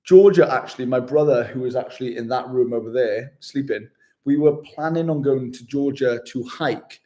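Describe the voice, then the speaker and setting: A man's voice: medium pitch, normal speed, warm tone. Chummy man on a live stream. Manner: upbeat and chummy, calls viewers mate and legend. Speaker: travel vlogger. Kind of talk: casual livestream chat with viewers.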